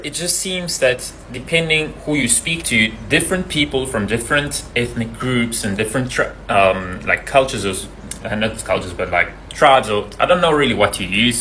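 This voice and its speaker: A man's voice: medium pitch, sharp tone, slight background noise, low-quality recording. A Swiss man with a Swiss Italian accent, talking to camera in a puzzled, rambling way and asking viewers for help. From Switzerland. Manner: puzzled, rambling, asks the audience directly. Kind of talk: casual to-camera monologue.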